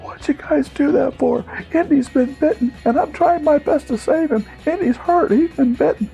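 A man voicing an earnest young boy scout, calling frantically in a high voice while searching in the dark. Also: normal speed, gravelly, muffled recording, soft background music. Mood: distraught.

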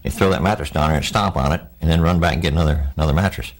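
An older man, a war veteran, recounting his memories in a plainspoken, halting oral-history interview. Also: very deep voice.

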